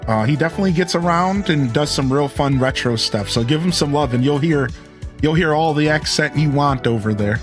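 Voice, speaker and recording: A man's voice: a little high, a little fast, faint music behind. A man hosting a live game stream, chatting casually and thanking viewers as he goes.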